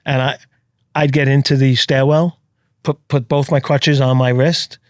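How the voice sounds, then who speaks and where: A man's voice: medium pitch, little pitch movement, measured pace, no room sound, studio quality. Earnest New York man telling his story. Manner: earnest, emphatic with blunt swearing. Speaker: podcast guest. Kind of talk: casual storytelling.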